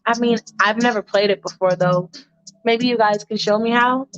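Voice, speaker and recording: A woman's voice: a little high, steady tone, normal speed, a bit bright, no echo, muffled recording, close to an everyday voice. A woman voicing a shy, hesitant young woman in a spoken fanfiction story. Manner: hesitant, lots of ums.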